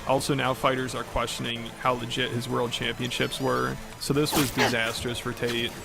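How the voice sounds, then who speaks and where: Flat, gravelly, mocking male commentator. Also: medium pitch, normal speed. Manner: sarcastic, mocking. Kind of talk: scripted commentary. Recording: voice-over with loud music under it.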